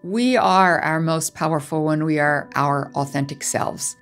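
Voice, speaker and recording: Woman diplomat with a low voice telling her story, candid and reflective. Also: a little slow, faint music behind. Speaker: diplomat interviewee. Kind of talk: personal recollection in interview.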